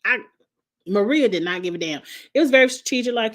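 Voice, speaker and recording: A woman's voice: fairly high pitch, very animated, normal speed. A middle-aged woman recapping a reality show in casual chat, blunt and sassy, laughing at her own jokes.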